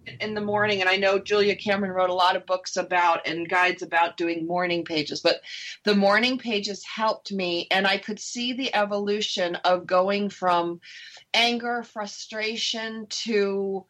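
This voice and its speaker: A middle-aged woman talking in a loose, candid radio chat. Her voice sits at an ordinary pitch, and she slips into voicing her past thoughts as she goes. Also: steady tone, a little slow, a bit bright. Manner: candid, chatty, acts out her old thoughts. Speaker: co-host sharing her divorce recovery. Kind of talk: casual radio talk.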